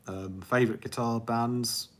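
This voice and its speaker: A man with a mid-range, steady voice speaks at a measured pace. He's a music producer fielding viewer questions in a casual, rambling livestream chat, often laughing at himself.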